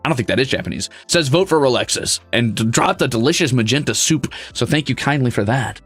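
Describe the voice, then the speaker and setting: A man's voice: mid-range voice, expressive, fairly quick, a bit bright, breathy edge, soft background music. A man streaming, reading viewer messages in casual chat with a brash, sarcastic, mock-grumpy way of talking.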